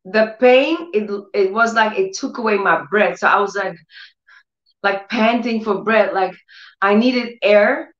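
A woman giving an emotional sermon testimony. Her speech grows more intense as she moves into near-shouting proclamations. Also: mid-range voice, a little slow. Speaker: testimony speaker. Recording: echoey room, dull lo-fi sound.

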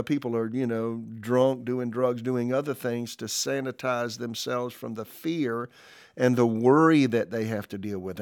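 A man preaching on a church podcast, reading scripture and quotes aloud, then commenting in a relaxed, conversational way with fillers. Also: medium pitch, creaky. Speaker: pastor. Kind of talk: podcast sermon.

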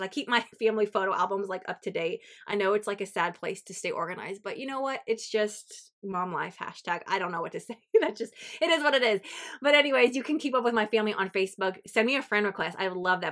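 A woman's voice: medium pitch, fairly bright tone. A woman in her thirties hosting a faith podcast, talking in an earnest, chatty way with lots of "like.". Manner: earnest, chatty, uses 'like' a lot. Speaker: podcast host. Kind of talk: heartfelt faith podcast talk.

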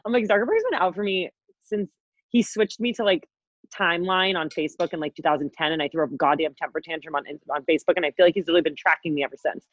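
A woman's voice: on the low side, fast, no echo. A young woman co-hosts a podcast in loose, casual chat. She rambles through stories, laughs often and swears freely. Her voice sounds dry and a little muffled. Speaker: podcast co-host.

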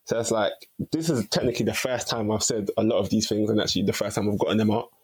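Young man, podcast guest, husky low voice, rambling easy storytelling. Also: fast, poor audio. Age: young adult. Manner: chatty and relaxed, heavy use of "like". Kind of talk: casual storytelling chat.

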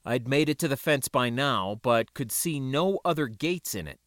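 A man narrating a first-person story aloud in an expressive reading. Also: medium pitch, moderate pace, no room sound, clean studio sound. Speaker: audiobook narrator.

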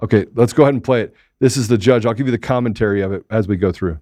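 A man hosting a casual talk show, excitable and joking, laughing often as he gives play-by-play commentary. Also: on the low side, very fast, dry recording. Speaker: show host. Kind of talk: casual political chat.

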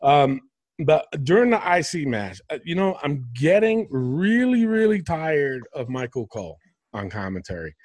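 Animated man chatting casually. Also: on the high side, measured pace, dry recording. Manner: animated, swears, mimics commentators. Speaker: podcast host. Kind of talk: casual wrestling review chat.

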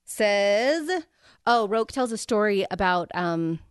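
A woman's voice: medium pitch, lively intonation, slow, clean tone, no echo, clean studio sound. A woman co-hosting a casual book podcast, retelling scenes with a few fillers as she hunts for a passage. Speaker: podcast co-host.

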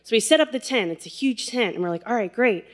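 A woman casually telling a funny personal story, animated, laughing and acting out quotes. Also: fairly high pitch, fast talker.

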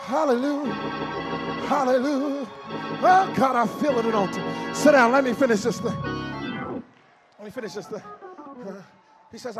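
High-voiced man preaching in sing-song waves. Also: moderate pace, long pauses, over loud music. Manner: sing-song call-and-response preaching, swells to shouts then drops to near murmurs. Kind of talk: sermon. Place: church sanctuary with congregation.

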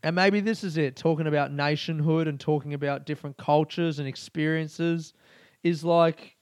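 A young Australian man with an Australian accent hosting a podcast, ranting excitably, swearing a lot and laughing often. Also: a little high, normal speed, dry recording, clean studio sound. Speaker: podcast host. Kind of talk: casual podcast rant.

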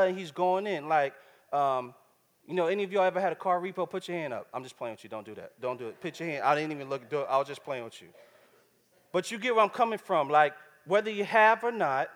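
A man preaches in a loose, slangy, conversational style, voice sitting a bit high. His talk rings out into a long hall echo. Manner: casual, slangy, conversational preaching with repeated asides to the crowd. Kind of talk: sermon.

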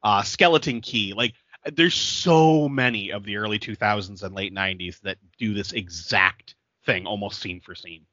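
A man's voice: on the low side, normal speed, pushed and bright, dry recording, dull audio. A man co-hosting a podcast, recapping a film in casual chat, laughing often and filling his talk with "like". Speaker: podcast co-host.

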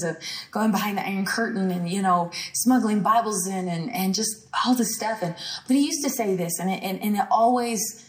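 A woman's voice: medium pitch, distant mic. Emphatic woman teaching in an echoey room. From rural ranch country. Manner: emphatic and declarative, repeats phrases for weight. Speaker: teacher at a healing school. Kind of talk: sermon-style teaching.

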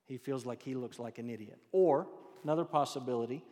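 A man's voice: mid-range voice, a little fast, dark tone. A male pastor preaching a conversational, storytelling sermon full of rhetorical questions, in a church sanctuary. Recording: long reverb of a large hall.

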